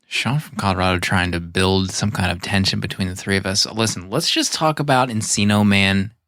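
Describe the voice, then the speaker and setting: Podcast co-host, male, lowish voice, dry and close, laughs easily. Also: a little fast, no room sound. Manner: laughs easily, relaxed announcer tone. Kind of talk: casual chat, reading show notes and voicemails.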